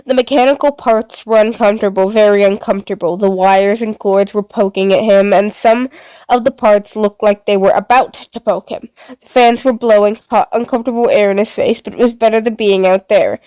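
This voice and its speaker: A woman narrating a story in a steady, plain reading voice. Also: mid-range voice, brisk, clear, resonant tone, no echo.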